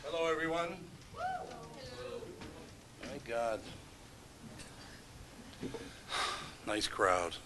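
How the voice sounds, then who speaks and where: A man's voice: mid-range voice, animated, normal speed, pauses often, noisy background. A middle-aged man, a radio host emceeing a live event, joking with the crowd in wry, sarcastic asides. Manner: wry, sarcastic asides and self-deprecating jokes. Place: event room before a live audience.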